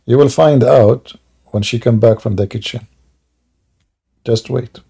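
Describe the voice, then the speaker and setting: A man hosting a live stream with mocking, sarcastic commentary and broken English grammar, often rising into loud taunting exclamations. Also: mid-range voice, unhurried, gravelly, slightly rough.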